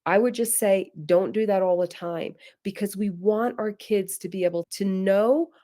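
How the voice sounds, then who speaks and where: A middle-aged woman presenting a parenting webinar, earnest and direct, sometimes acting out gentle things a parent might say. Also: medium pitch, normal speed. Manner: earnest, direct, addresses listeners as guys; acts out gentle parent phrases. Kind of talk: teaching webinar talk.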